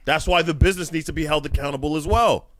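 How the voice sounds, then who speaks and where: A man's voice: a little high, fast talker, no room sound. A man co-hosting a casual studio talk show, telling stories with lots of laughter. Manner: animated storyteller, laughs often. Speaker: podcast co-host. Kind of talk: casual group chat. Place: small studio.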